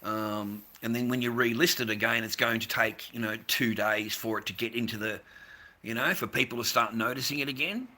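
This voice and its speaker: A man's voice: medium pitch, brisk, pushed and bright. A middle-aged Australian man chatting casually on a livestream, rambling and repeating himself, calling viewers mate and swearing now and then. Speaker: livestreamer selling handmade masks.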